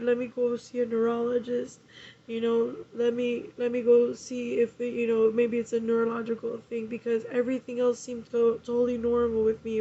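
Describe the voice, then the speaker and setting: A woman talking in an emotional personal vlog, tearful and halting, swearing often. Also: a little high, mellow, highs cut off, slight background noise. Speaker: vlogger.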